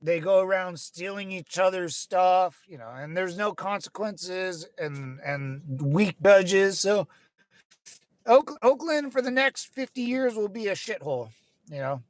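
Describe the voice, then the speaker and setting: A young man from California, the host of a channel, goes on a casual rant, rambling, restarting often, swearing, and using lots of fillers. His voice is high-pitched and animated, and he takes his time. There's no echo.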